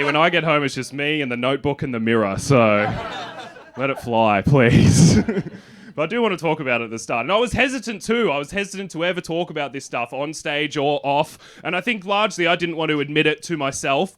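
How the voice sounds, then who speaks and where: Dry Australian stand-up comedian. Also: male voice, on the high side, fairly bright tone. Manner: dry, self-deprecating delivery. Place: comedy venue with live audience.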